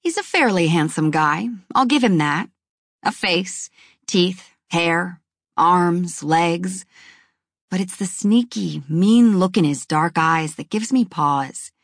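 A woman's voice: lowish voice, expressive, takes it slowly, no echo. Dry, wry young woman narrating a novel. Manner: wry, dramatic storytelling. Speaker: audiobook narrator. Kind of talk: scripted first-person narration.

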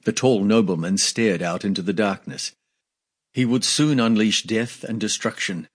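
Husky low-voiced male audiobook narrator. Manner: measured, steady storytelling with lightly voiced dialogue. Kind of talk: scripted fantasy narration.

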